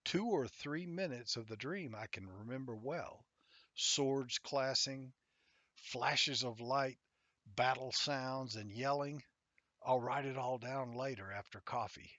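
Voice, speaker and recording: A man reading his own first-person novel aloud in a wry, conversational way, sometimes dropping into soft half-whispered asides, in a slightly muffled, dry recording. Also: mid-range voice, slow, no echo.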